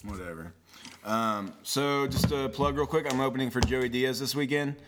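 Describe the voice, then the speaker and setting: A man hosting a casual podcast, telling a profane anecdote in an animated way. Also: medium pitch, normal speed, background noise. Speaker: podcast host. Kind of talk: casual chat, storytelling.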